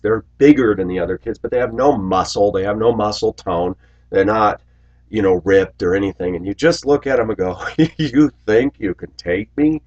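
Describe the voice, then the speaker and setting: A man in his forties telling stories in a rambling monologue to his viewers, raising his voice loudly when he acts out what people said. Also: fairly low pitch, dull audio. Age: 40s. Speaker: video blogger. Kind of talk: casual monologue to camera.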